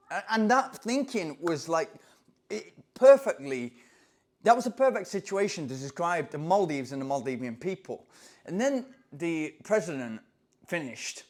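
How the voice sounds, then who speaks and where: Guy from england, a running coach, animated and excitable, telling a story casually. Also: fairly high pitch, unhurried. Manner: animated, excitable, acts out voices in anecdotes.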